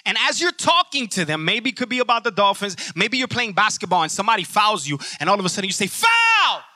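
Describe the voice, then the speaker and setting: A man's voice: high-pitched, animated, fast, bright, forceful tone, no echo, clean studio sound. A man preaching a sermon in an emphatic, conversational way, asking rhetorical questions as he goes.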